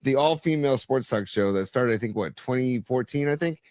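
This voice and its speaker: A man's voice: mid-range voice, a little fast, darkish tone, no room sound. Chatty man co-host, dry sound. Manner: chatty, fills with "uh" and short "nice" replies. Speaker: podcast co-host. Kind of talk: casual podcast chat.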